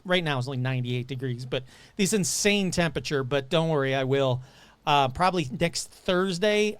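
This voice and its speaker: This is a playful man hosting a podcast, who talks in a high, very lively voice. He chats casually and tends to ramble into jokey asides. The recording is dry and close. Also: clean tone, no echo. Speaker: podcast host.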